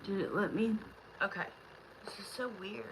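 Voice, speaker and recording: A woman's voice: mid-range voice, normal speed, noisy background. A woman hosting a live tarot stream, chatting loosely with viewers in a rambling way, frustrated and close to tears. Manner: rambling, talks straight to the chat.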